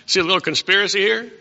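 A man's voice: on the high side, creaky, pushed and bright, big-room sound, dull audio. A man preaching a casual, conversational sermon, asking his congregation questions as he teaches.

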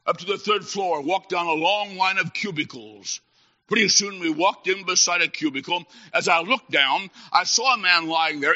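A man preaching a sermon, telling a story dramatically and swinging from hushed tones to shouting. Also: sits high. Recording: dull lo-fi recording.

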